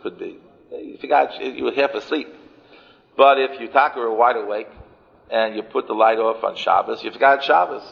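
A man preaching a sermon, repeating his key phrases and weaving in Yiddish and Hebrew terms. His voice is gravelly with vocal fry. The sound is muffled, with a long reverb from a hall. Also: medium pitch, normal speed. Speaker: rabbi.

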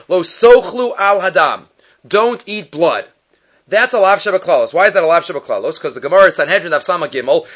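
A man teaching a Talmud study lesson, asking quick questions and mixing Hebrew and Aramaic terms into his English. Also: high-pitched, a bit bright. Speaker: Torah teacher. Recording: dull lo-fi recording.

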